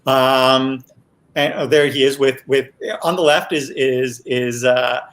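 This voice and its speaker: A man's voice: medium pitch, fairly even intonation, slow pace, fairly bright tone. A man, a TV series creator, chatting casually as a podcast guest, telling set stories with many restarts.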